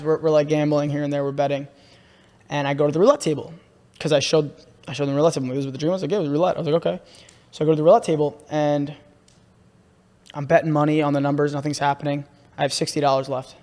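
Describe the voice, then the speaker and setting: Young man, excitable storyteller, fairly high voice, long echoing reverb. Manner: excitable, repeats himself, says "bro" a lot. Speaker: podcast host. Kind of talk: casual podcast chat, storytelling.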